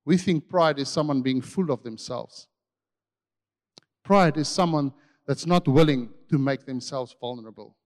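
A man preaching a sermon with passion, swinging between loud and hushed. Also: medium pitch, unhurried, long reverb tail.

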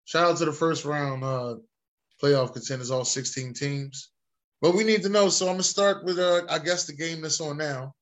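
A man with a slightly higher voice hosts a loose sports chat, calling on his friends for picks. He teases them in quick, exclaiming bursts. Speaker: host. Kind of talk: casual sports podcast chat.

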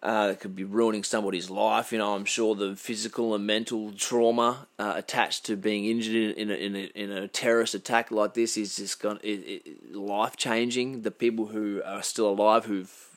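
An Australian man giving blunt, impassioned unscripted commentary, halting often and restarting his sentences. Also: lowish voice, fairly even intonation.

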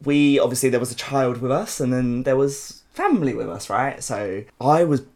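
In a darkish, medium-pitched voice at a moderate pace, a man with a South London accent hosts a podcast. He tells stories in a relaxed, chatty way, with lots of swearing and laughter.

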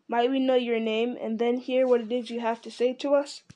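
A woman voicing a steady, watchful male ranger leader who speaks quietly and with measure. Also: a little high, normal speed, close to an everyday voice.

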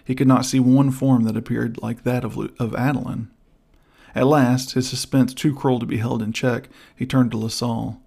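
A man narrating an adventure audiobook in a steady, even reading. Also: medium pitch, moderate pace, creaky, breathy edge. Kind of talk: scripted narration.

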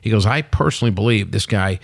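Casting: man in his sixties, quick and gravelly, punchy pitchman storytelling, close dry mic. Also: no room sound. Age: 60s. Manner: animated storyteller, salesman-like, emphatic. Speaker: podcast guest, company CEO. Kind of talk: casual interview chat.

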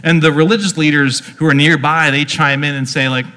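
A man's voice: a little high, steady tone, a little fast, few pauses, bright, forceful tone. A man preaching a casual teaching sermon in a conversational, chatty way, full of filler words. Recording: long hall reverb.

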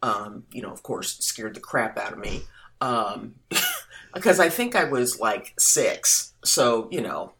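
A man co-hosts a chatty podcast, taking his time over every thought and padding it with fillers and dry asides. His pitch rises and falls a lot, and his delivery stays slow and easygoing. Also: big pitch swings, creaky, pushed and bright, a little hiss or hum. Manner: unhurried, full of fillers and wry asides. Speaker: podcast co-host. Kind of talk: casual chat and reading aloud.

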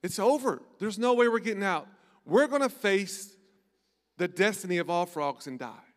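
A man's voice: sits high, normal speed, natural voice. A man voicing a gloomy male frog who panics and gives up hope. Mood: panicked. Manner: despairing, panicky. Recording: long church hall reverb.

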